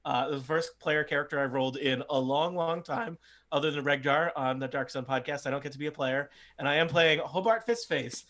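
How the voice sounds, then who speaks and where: Guy running a tabletop game, kinda high voice, jokey and self-mocking. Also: brisk, fairly bright tone. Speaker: game master. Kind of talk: casual tabletop game chat.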